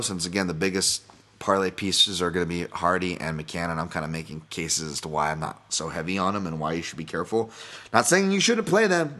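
A man's voice: sits low, bright, forceful tone. A man hosting a solo podcast, talking casually and rambling, with frequent swearing and self-interruptions. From Boston. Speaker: podcast host.

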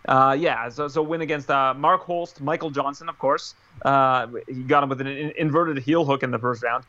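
A man talking as a guest on a casual chat podcast, telling stories quickly and with animation. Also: medium pitch, steady tone, pushed and bright, dull audio. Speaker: guest analyst.

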